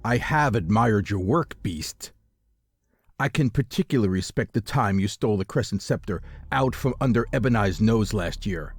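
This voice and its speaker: A man's voice: expressive, normal speed, no echo, studio quality. A man voicing a smug, scheming male halfling bounty hunter who gloats over his captive, in an audiobook. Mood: gloating. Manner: smug, gloating, deeper than the narration.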